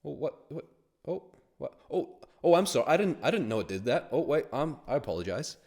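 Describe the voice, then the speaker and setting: A man acting out a flustered grown man who stammers and rushes through an apology, in a high, panicky voice. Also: sing-song, gravelly, a little mellow.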